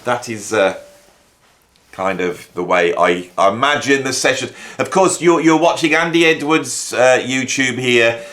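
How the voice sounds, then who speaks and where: Speaking a little slowly at medium pitch, with a fairly bright tone, a middle-aged man from the English Midlands offers casual music commentary. The YouTube host and music educator sounds wry, rambling, and mock-exasperated.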